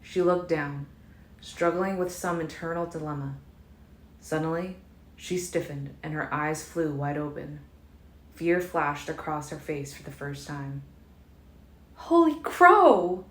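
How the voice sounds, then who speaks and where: Woman audiobook narrator; low, even delivery; faint hiss in an echoey room. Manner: calm, measured first-person reading. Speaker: audiobook reader. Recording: roomy echo, faint noise.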